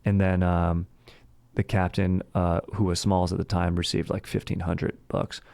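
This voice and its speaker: A man's voice: sits low, flat delivery, moderate pace, gravelly, a little mellow, dry recording. A man casually telling a history story as a podcast host, laid-back and slangy, rambling with lots of fillers. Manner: slangy and laid-back, says "dude" and "frickin'" a lot; rambling, with many fillers and restarts.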